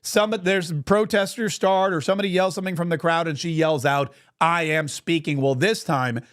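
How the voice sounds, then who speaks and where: A man's voice: high-pitched, a little fast. A man hosting a political commentary show, talking in an emphatic, sarcastic and mocking way. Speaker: podcast host.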